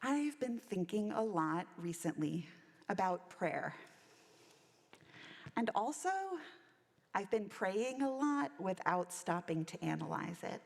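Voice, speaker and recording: A woman's voice: medium pitch, expressive, slow pace, vocal fry, long pauses. A woman minister giving a reflective sermon, telling a story from her chaplaincy work. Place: church sanctuary. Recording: long church reverb.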